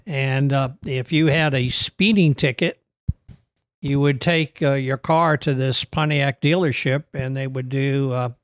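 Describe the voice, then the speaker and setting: An older man with a Virginian accent, a trial lawyer guest telling long stories on a podcast, pausing often with fillers. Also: mid-range voice, fairly even intonation. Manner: rambling anecdotes with many pauses and fillers. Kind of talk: storytelling on a podcast.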